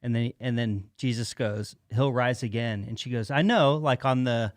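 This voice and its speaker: A pastor co-hosting a relaxed live chat, talking in an easygoing, rambling way. His voice sits in a middle range and sounds dry and close to the mic. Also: medium pitch, moderate pace, no echo. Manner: easygoing, rambling, retells stories conversationally. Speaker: pastor and co-host. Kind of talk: casual live-stream chat.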